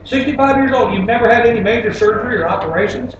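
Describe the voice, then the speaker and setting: A man's voice: very high-pitched, quick pace, background noise, voice pushed up. A nosy male doctor with a raised, prying tone, as a man puts him on. The voice sits well above the storyteller's own. It sounds distant and roomy through a dull live recording. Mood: inquisitive. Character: prying male hospital doctor, middle-aged.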